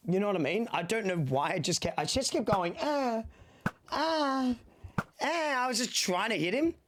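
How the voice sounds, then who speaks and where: A man's voice: high voice, expressive, quick pace, a bit bright. A young man streaming a game, out of breath, rambling and joking as he talks to his chat. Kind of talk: casual gaming stream chat.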